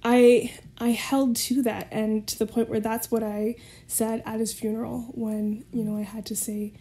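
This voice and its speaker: A woman's voice: fairly high pitch, flat delivery, measured pace, mellow. A woman guest telling a personal story in a casual way, often laughing as she talks. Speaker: podcast guest.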